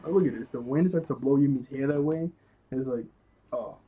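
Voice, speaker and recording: A man's voice: mid-range voice, fairly quick, dark tone, dull audio, slight background noise. A young man casually recapping a cartoon episode, laughing often and talking in loose slang with lots of fillers.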